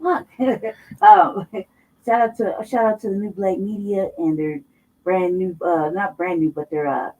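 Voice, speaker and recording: Blunt, swearing woman co-host, mellow voice. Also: mid-range voice, a little slow. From Colorado. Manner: blunt, emphatic, heavy swearing. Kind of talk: casual political talk show. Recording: dull, somewhat distant mic.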